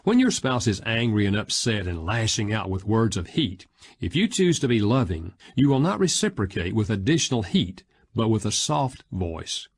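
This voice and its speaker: A man narrating an audiobook in a measured, expressive reading style. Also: lowish voice, slightly rough.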